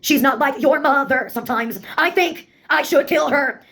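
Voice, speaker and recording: A woman's voice: high-pitched, moderate pace, creaky, fairly bright tone. A woman delivering a rambling spoken-word monologue, blunt and full of swearing.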